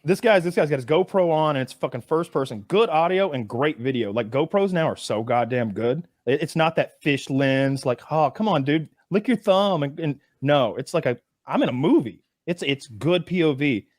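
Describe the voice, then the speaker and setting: A man's voice: fairly high pitch, lively intonation, moderate pace, few pauses, no echo, studio quality. A man on a casual podcast, telling a story with acted-out quotes and a lot of swearing. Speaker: podcast co-host.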